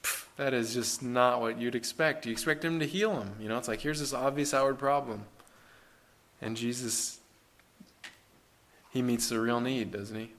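A man preaches in an easygoing but earnest manner, asking his listeners questions and circling back to rephrase his points. His voice sits at an ordinary middle pitch for a man. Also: normal speed, long pauses, fairly bright tone. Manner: earnest, conversational, with restarts and rhetorical questions. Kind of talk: sermon.

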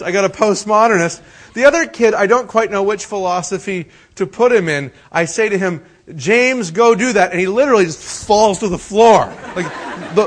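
A middle-aged male pastor with a fairly high voice delivers a sermon. He swings between quiet, hushed prayer and loud, animated storytelling.

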